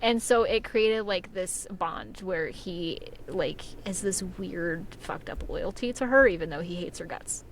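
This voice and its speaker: A woman's voice: fairly low pitch, lively intonation, a little slow, few pauses, slight background noise. A young woman on a podcast, chatting casually and rambling with lots of fillers and frequent laughter. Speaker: podcast co-host and author. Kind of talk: casual chat.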